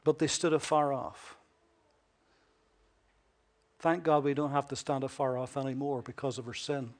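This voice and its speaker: A man preaching a sermon with emphasis, asking rhetorical questions and swinging between loud and hushed delivery. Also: medium pitch, little pitch movement, normal speed.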